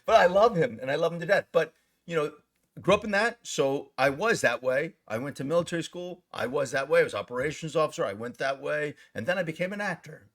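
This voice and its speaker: A middle-aged man, an actor, telling stories in a casual interview, animated and swearing freely. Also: on the high side, brisk.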